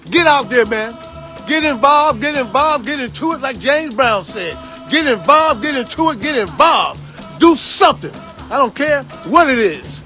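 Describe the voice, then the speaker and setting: A man's voice: extremely high pitch, sing-song, moderate pace, sharp tone, faint music behind. A man in his sixties from Washington, D.C., giving a fiery, preachy political monologue and repeating phrases for emphasis. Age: 60s.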